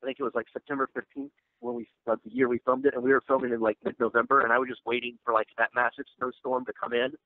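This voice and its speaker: Over a tinny, dry phone line, an actor and filmmaker is interviewed about his film. His mid-range voice moves at a quick pace with no room sound, and he talks casually and ramblingly, full of fillers and restarts.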